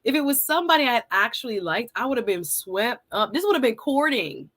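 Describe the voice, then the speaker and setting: A woman hosting a live stream tells a story in a casual, animated way, her voice on the high side and a little fast. She laughs often and acts out her own lines.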